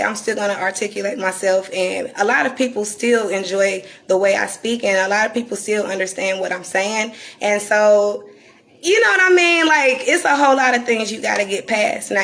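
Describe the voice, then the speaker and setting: A woman from North Carolina with a Southern accent and a raspy, croaky voice, talking candidly and deliberately to viewers on a live stream. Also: mid-range voice, a bit bright. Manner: reflective and candid, slowed deliberate delivery. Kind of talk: casual live-stream talk.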